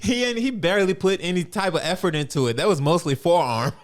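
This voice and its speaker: A man's voice: sits high, fast talker. A man co-hosting a podcast, casually retelling an anime fight and quoting the characters in playful voices. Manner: laid-back storytelling, quotes characters in playful voices. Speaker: podcast co-host. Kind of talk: casual anime recap chat.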